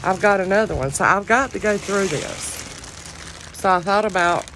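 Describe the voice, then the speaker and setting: A woman with a deep Southern drawl chatting casually to her viewers about jewelry she is selling, in a loud, carrying, folksy voice. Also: moderate pace. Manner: drawling, folksy, says y'all often. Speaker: online jewelry reseller. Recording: outdoor wind noise.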